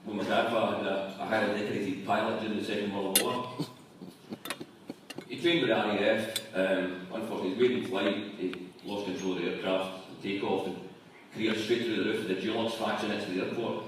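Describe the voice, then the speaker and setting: A man giving a deadpan, joke-filled after-dinner speech. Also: fairly low pitch, fast, background noise. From Scotland. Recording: echoey room from far off. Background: audience laughter.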